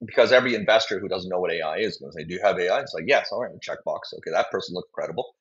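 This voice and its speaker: Man, low voice, CEO guest, rambling, quotes voices, dull lo-fi audio. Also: very fast, fairly bright tone. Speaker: biotech company CEO, guest. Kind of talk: conversational interview answer.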